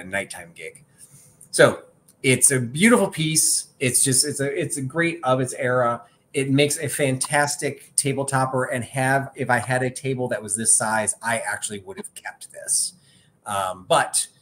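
A man's voice: on the low side, a bit bright, slight background noise. Chatty man auctioning old linens. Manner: chatty, rambling, self-deprecating. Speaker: auction seller. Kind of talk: live online auction chat.

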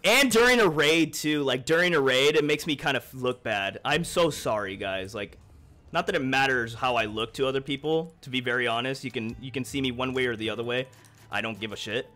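A man's voice: medium pitch, a little fast, bright, forceful tone. A man streaming a video game, talking to his chat in a rambling, profane way, heated and then apologetic. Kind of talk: live-stream chat while gaming.

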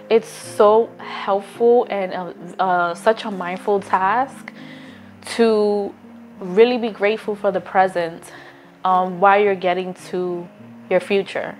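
A woman's voice: medium pitch, steady tone, a little slow, faint music behind. A woman talking straight to her phone camera in a casual, earnest vlog, encouraging viewers and often stopping to restart a thought. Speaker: vlogger. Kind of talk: casual motivational talk to camera.

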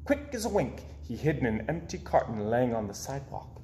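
A man reading children's picture books aloud in an expressive storytelling voice. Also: medium pitch, a little fast, reverberant, slight background noise. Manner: expressive, with swoops up and down. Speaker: children's book reader.

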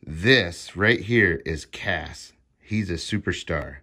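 Middle-aged man, low voice, unhurried, warmly coaxing short commands like a home vlogger. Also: lively intonation. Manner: slow, easygoing, praising a dog in short commands. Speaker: dog owner filming a training demo. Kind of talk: casual vlog, giving commands to a dog. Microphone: handheld camera he films himself.

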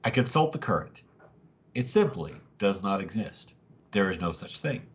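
A man's voice: deep voice, very animated, moderate pace. A man reading a classic adventure novel aloud to a family audience with dramatic narration. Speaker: family story reader.

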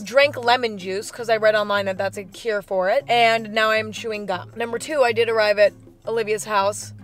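A woman's voice: a little high, a bit bright. A young woman vlogging in a casual chat, full of "like" and the odd swear word. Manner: chatty, swearing, lots of "like".

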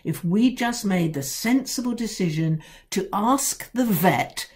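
A woman reading a storybook, voicing a furious, grumpy father who snarls his words slowly. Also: medium pitch, expressive, a little mellow. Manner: snarling, slow and heavy.

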